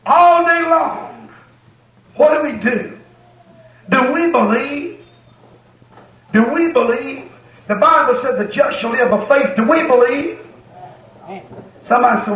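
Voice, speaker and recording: A male preacher with a very high voice preaches in a folksy, rhythmic way, repeating his lines. The recording is dull and distant, with the roomy echo of a church hall. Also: moderate pace, long pauses, a bit bright. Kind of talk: sermon. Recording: echoey, dull sound from far off.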